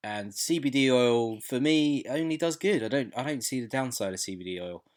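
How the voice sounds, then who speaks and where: A man co-hosting a casual podcast, talking in an animated, opinionated way and swearing casually. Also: medium pitch, moderate pace. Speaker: podcast co-host. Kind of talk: casual chat.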